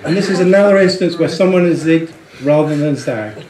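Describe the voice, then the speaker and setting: A man's voice: on the high side, a little fast, few pauses, reverberant, noisy background. A man giving a presentation on branding, chatty and amused, often repeating words as he thinks. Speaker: speaker on branding and packaging. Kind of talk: presentation to an audience.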